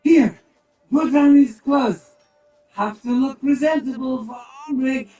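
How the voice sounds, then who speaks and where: A drunk male cat-man in a video game, speaking in a slow, sing-song drawl. His voice is dark and mellow, and it sounds roomy and distant over game music. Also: extremely high pitch. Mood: drowsy, slurred.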